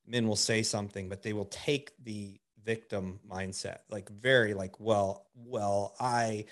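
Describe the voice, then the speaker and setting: A man's voice: lowish voice, fairly even intonation, moderate pace, a bit bright. A man in a casual podcast conversation, sharing his thoughts candidly and thinking aloud with plenty of "like" fillers.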